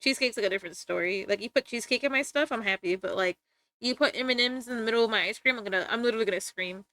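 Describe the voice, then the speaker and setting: A young woman livestreamer chatting casually to her viewers, giggly and rambling, with sudden bursts of excitement. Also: on the high side, rapid-fire. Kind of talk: casual stream chat.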